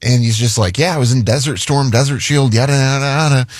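A male radio co-host telling an anecdote in loose, halting casual banter. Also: medium pitch, dry recording, studio quality. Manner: rambling anecdote with halting restarts.

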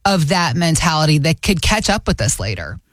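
A woman's voice: sits low, sing-song, a little fast, no echo, clean studio sound. A middle-aged woman co-hosting a casual chat, telling stories and laughing easily. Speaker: podcast co-host.

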